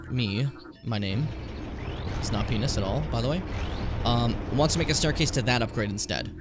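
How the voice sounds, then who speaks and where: A tired man in his late twenties, streaming a game casually, swearing freely and stumbling as he reads on-screen text aloud. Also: medium pitch. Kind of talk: casual gameplay commentary.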